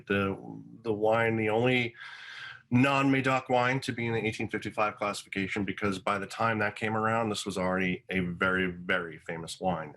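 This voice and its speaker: A man's voice: on the low side, a bit bright, low-quality recording. A man co-hosting a casual educational wine show, talking in a modest, self-deprecating way.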